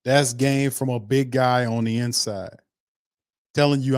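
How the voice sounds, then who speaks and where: A man's voice: medium pitch, fairly even intonation, measured pace, clear, resonant tone, no room sound, studio quality. Emphatic man hosting football talk. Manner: emphatic, repetitive, says "man" often. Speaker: sports commentary host. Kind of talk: casual commentary on a played interview clip.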